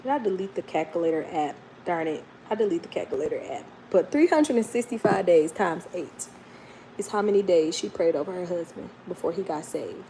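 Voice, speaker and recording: Gravelly-voiced woman chatting on a livestream. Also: fairly low pitch, lively intonation, brisk, warm tone, a little hiss or hum, rough recording. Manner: chatty, heartfelt, addresses viewers as y'all. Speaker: livestream host. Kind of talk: casual livestream chat.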